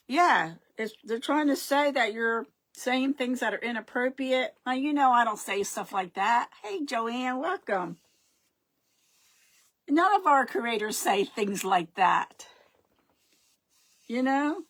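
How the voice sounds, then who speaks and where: Her voice a little high and her pace unhurried, a middle-aged woman hosts a laid-back live crafting stream. She wanders in her talk, greets the people watching, and often loses her words.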